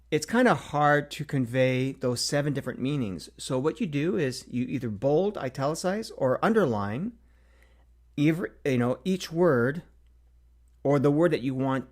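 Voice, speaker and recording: Middle-aged male host, casual solo talk, mid-pitched, loose and hesitant delivery. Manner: thinks aloud with frequent fillers and restarts. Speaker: marketing consultant hosting a Q&A series.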